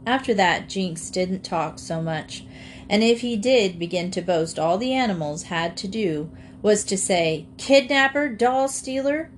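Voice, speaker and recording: A woman's voice: on the low side, measured pace, a little hiss or hum. Woman reading a children's storybook aloud. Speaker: audiobook reader. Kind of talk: storybook narration.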